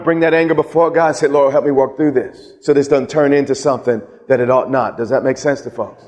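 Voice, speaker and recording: A middle-aged man preaching a sermon with passion, moving from loud outbursts to hushed, slow moments. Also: a little high. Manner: impassioned, swings from loud to hushed. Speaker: pastor. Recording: long reverb of a large hall.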